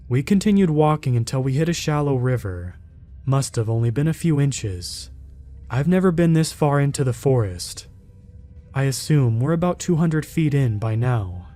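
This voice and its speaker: A man narrates a scripted first-person horror story in a measured, even storytelling manner. His voice is dark and mellow, with faint music underneath. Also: medium pitch.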